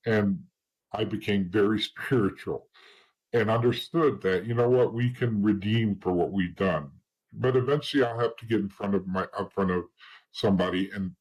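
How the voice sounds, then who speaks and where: Husky low-voiced middle-aged man, blunt. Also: low-quality recording. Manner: rambling and blunt, with frequent restarts and "you know". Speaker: interview guest. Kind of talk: candid personal storytelling in an interview.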